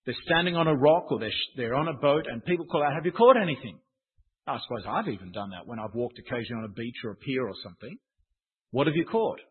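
A man's voice: mid-range voice, rapid-fire, hardly any pauses, slightly rough. A man preaching a sermon in a conversational, wry, self-deprecating manner. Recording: tinny phone-like sound.

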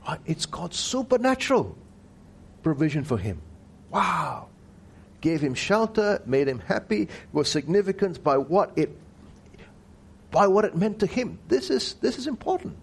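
Teaching expository Bible lessons in a slightly high voice over some background noise, this man keeps putting rhetorical questions to his listeners. He slows down whenever he wants to stress key words.

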